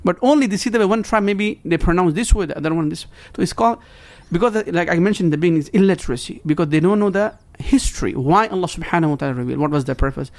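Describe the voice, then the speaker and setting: Fast-talking man explaining scripture. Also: high voice, lively intonation. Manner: earnest, broken English with quoted Arabic recitation. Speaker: guest religious scholar. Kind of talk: explaining in conversation.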